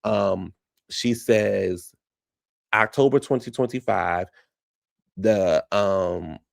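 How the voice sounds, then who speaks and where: A man's voice: fairly low pitch, drawn-out words, creaky. A man giving casual commentary, recapping reality TV in a chatty, incredulous way with lots of rhetorical questions.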